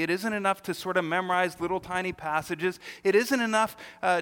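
Bright-voiced preacher man in a reverberant hall. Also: high-pitched, clean tone. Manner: emphatic preaching with rhetorical questions and acted-out quotes. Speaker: pastor. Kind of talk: sermon.

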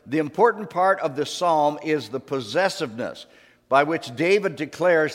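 A man's voice: a little high, lively intonation, moderate pace. A male pastor preaching a sermon in a church, talking in a conversational way and leading the congregation in call-and-response. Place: church sanctuary. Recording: long hall reverb.

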